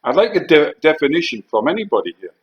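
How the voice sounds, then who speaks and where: A man's voice: fairly high pitch, very animated, fast, dull audio. An older man, a former soldier, telling war stories in a blunt, heated way, swearing and firing off rhetorical questions. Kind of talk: heated spoken monologue.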